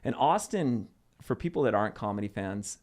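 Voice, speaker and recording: A man's voice: on the low side, normal speed. A young man from Arizona, a guest comedian, telling stories in a casual podcast chat with loose fillers. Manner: animated storytelling with loose fillers.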